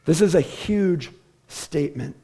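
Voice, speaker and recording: A man's voice: on the high side, animated, a little slow, warm tone, slightly rough. A man preaching a sermon from a church stage, telling the story with animation and acting out the voices of the people in it. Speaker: pastor.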